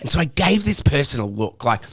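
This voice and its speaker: A man co-hosting a podcast, telling a story in an animated, dramatic way. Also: medium pitch, fairly quick, breathy edge. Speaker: podcast co-host. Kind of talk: casual storytelling chat.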